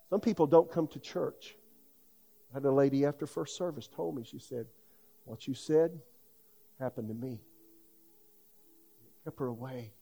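A man's voice: medium pitch, mellow. A middle-aged man preaching a sermon in a folksy, conversational way, full of asides. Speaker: pastor.

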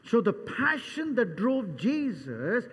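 An older man preaching a sermon as pastor, dramatic, acting out Bible scenes with voices and swinging between loud and soft. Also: very high-pitched, very animated, slow pace, slightly rough. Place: church hall. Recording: long church reverb.

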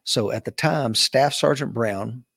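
Man, interview guest, animated storytelling, voices the people he quotes, mid-pitched. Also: unhurried, gravelly, husky. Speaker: interview guest, retired Marine officer.

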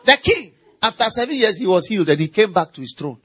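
A middle-aged man preaching a sermon as pastor, animated and playful, quizzing the congregation and mimicking animal noises. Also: high-pitched, fast talker, breathy edge, soft background music.

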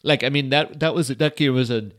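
A young man hosts a podcast, chatting on his own in a rambling, laid-back way and swearing often. His voice is medium-pitched, a bit bright, and brisk.

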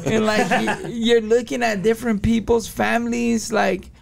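A man's voice: very high voice, moderate pace, vocal fry. A man, a podcast guest telling stories in casual slang and acting out other people's lines. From Los Angeles area. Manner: animated, acts out quoted dialogue, heavy slang. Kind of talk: casual storytelling.

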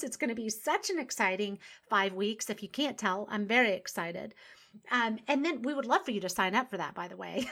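A woman with a slightly high voice hosts a faith podcast. She talks eagerly and upbeat, and stumbles into fillers and restarts as she goes. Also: fairly bright tone. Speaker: podcast host and ministry founder. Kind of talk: enthusiastic faith podcast talk.

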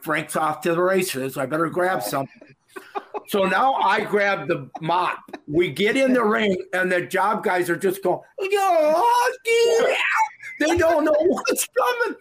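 A middle-aged man from Minnesota, a former wrestler guesting on a podcast, telling stories in a lively way and acting out the voices. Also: high-pitched, slight background noise. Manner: animated storyteller, laughs and acts out quotes. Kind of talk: casual storytelling.

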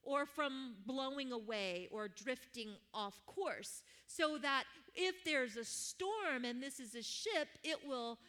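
Bright-voiced woman preacher in her fifties. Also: sits high, animated, takes it slowly, few pauses. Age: 50s. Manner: warm storytelling with laughs and prayer. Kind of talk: sermon with personal story.

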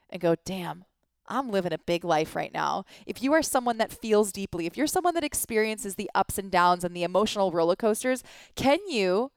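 A woman's voice: fairly high pitch, clear, resonant tone, dry recording. Earnest woman asking rhetorical questions. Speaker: life coach. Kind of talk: motivational monologue.

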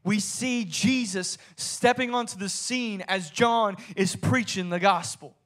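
A man preaching a sermon, reading scripture and telling the story dramatically, swinging from soft storytelling to shouted high points. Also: unhurried. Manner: reads scripture aloud in King James wording.

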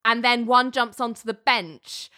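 Woman recapping a show, bright voice, dry close sound, laughs a lot. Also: on the high side, unhurried, no echo. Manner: chatty, laughs often, lots of fillers. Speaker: podcast co-host recapping a TV episode. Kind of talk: casual chat.

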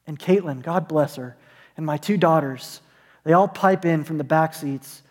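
A man with a high voice preaching, his words trailing into a long, ringing reverb. He tells a story and slips into the voices of its people, then turns it into a call to his listeners. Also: normal speed, a little mellow. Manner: storytelling, acts out voices in anecdotes. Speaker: pastor. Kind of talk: sermon. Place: church, online service.

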